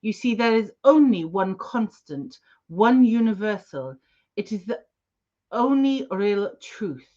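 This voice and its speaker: Smug male information broker who lectures slowly and loftily, read by a woman, mid-pitched, dull lo-fi audio. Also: lively intonation, mellow. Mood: lofty.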